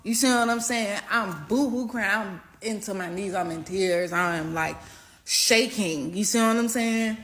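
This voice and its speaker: A young woman telling a personal story in a casual storytime video, animated and profane, swinging between loud outbursts and low mutters. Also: measured pace. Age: young adult.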